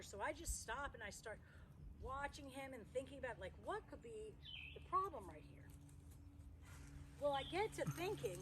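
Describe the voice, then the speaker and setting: High-voiced chatty woman outdoors with horse. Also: expressive, moderate pace, pauses often, noisy background. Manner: chatty, breaks off to praise the horse. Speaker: horse trainer. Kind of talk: storytelling while working a horse. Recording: outdoor ambience with horse noises.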